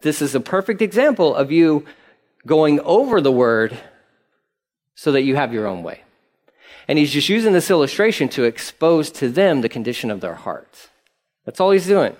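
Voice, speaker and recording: A male pastor preaching a lively, conversational sermon and acting out the people he quotes. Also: fairly high pitch, moderate pace. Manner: animated, conversational, acts out quotes.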